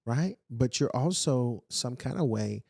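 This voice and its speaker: A man's voice: medium pitch, lively intonation, unhurried, vocal fry, a little mellow, no room sound, clean studio sound. A man hosting a podcast interview, talking reflectively and asking searching questions. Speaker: podcast host. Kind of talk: casual conversational interview.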